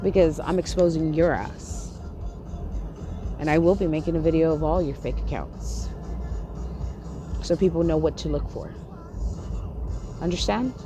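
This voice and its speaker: A woman's voice: sits low, unhurried, pauses often, music in the background. Profane, confrontational woman ranting. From Puerto Rico. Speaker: livestream host. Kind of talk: angry livestream rant.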